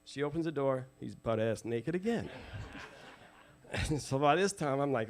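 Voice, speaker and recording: Lively New man telling stories. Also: medium pitch, normal speed. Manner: lively, acts out quoted voices, laughs often. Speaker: interview guest telling family stories. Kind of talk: animated storytelling to a live audience.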